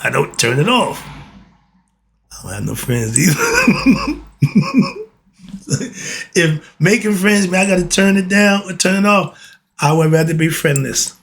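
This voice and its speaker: A man's voice: high-pitched, wildly swooping pitch, unhurried, gravelly, pauses often, fairly bright tone. A man, giving a casual, blunt monologue, often laughing and asking and answering his own questions. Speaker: host of a philosophy talk channel.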